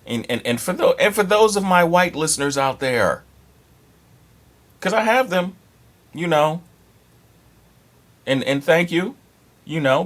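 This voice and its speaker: A man's voice: medium pitch, fairly bright tone. A man in his thirties giving dating advice in a casual, rambling monologue, blunt and profane with many fillers and restarts. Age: 30s.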